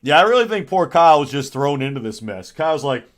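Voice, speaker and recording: A man's voice: a little high, very animated, fast. A man chatting casually on a livestream, rambling and sarcastic, with frequent chuckles. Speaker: streamer.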